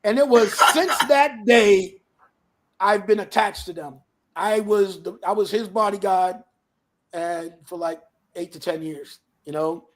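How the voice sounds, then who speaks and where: High-voiced man spinning an animated yarn. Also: unhurried. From New Bedford, Massachusetts area. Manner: animated storyteller, acts out others in a lower voice, peppered with "you know". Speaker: guest. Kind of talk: casual storytelling interview.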